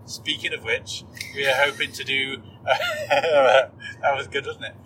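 A man's voice: medium pitch, unhurried, pushed and bright, recorded from a distance. A jokey, chatty man hosting a casual podcast. His voice sits in the middle range. A faint noise runs underneath. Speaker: podcast host. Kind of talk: casual chat. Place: car, then outdoors at a campsite.

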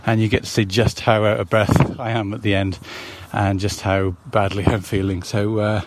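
A man's voice: on the low side, little pitch movement, moderate pace, a little hiss or hum. A man recording a running log outdoors on his phone, upbeat and talking through his pace numbers. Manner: upbeat, number-focused commentary. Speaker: runner recording a training log. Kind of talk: self-recorded vlog. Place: outdoors on a run.

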